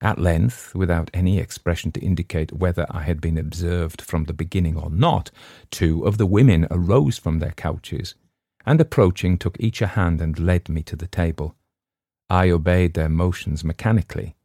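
Deep, gravelly man narrating a classic tale; dramatic, measured, dry studio. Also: mellow, no echo. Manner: measured, dramatic first-person reading. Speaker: audiobook narrator. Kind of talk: scripted narration of a classic story.

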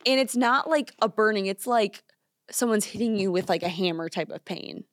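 At normal speed and medium pitch, a young woman co-hosting a podcast tells a story on a studio mic, with a dry recording. Her delivery is animated, heavy on "like," and she acts out the quotes.

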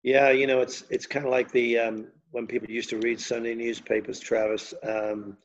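A man's voice: mid-range voice, little pitch movement, normal speed, lo-fi sound, a little hiss or hum. An older man from England with a Liverpool accent, telling long, rambling anecdotes with many fillers as an interview guest. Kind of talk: storytelling interview.

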